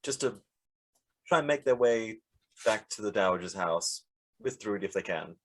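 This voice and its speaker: A man playing a tabletop game, earnest and a little halting. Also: on the low side, lively intonation. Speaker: player. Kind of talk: casual tabletop game chat.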